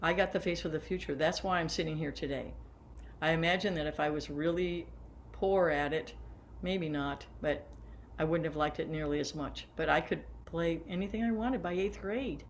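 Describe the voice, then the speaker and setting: Seated and demonstrating along the way, this older band director, a woman in her 70s, walks teachers through exercises in a workshop with warm, hands-on guidance. She speaks at a moderate pace in a low-pitched voice, with a little hiss or hum in the recording.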